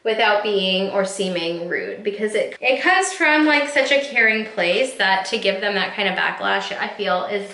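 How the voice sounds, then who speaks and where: A woman's voice: mid-range voice, lively intonation, moderate pace, vocal fry, few pauses, sharp tone. A woman in her thirties talking candidly to camera at home in a get-ready-with-me vlog, rambling and heartfelt with lots of fillers. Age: 30s. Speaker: vlogger. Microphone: camera mic. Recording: roomy echo.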